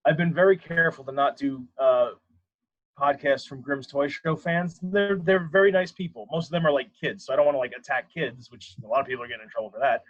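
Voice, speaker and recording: A man's voice: mid-range voice, fairly quick. Rambling man with a lo-fi sound. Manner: rambling, self-deprecating, laughs often. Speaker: podcast guest. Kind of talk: casual interview chat. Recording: lo-fi dull sound.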